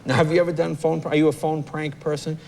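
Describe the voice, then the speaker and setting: A man hosting a talk show, joking and stammering through quick restarts. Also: a little high, flat delivery, vocal fry, a little mellow, a little hiss or hum. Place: television studio. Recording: studio with audience crowd.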